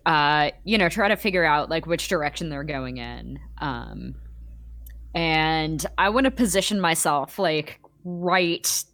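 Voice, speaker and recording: A woman's voice: low-pitched, lively intonation, unhurried, fairly bright tone. A woman playing a tabletop role-playing game, hesitant, thinking aloud as she plans. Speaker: player.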